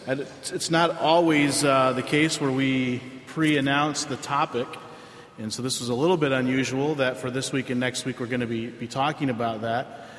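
A man, a pastor giving a sermon in a conversational way with frequent filler pauses. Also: medium pitch, steady tone, fairly bright tone. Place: church sanctuary. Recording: roomy hall with long reverb.

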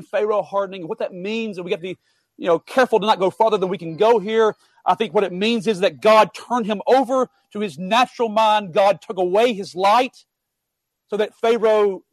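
A man preaching a sermon, earnest and emphatic, building up then dropping to quiet asides. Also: high voice, no echo.

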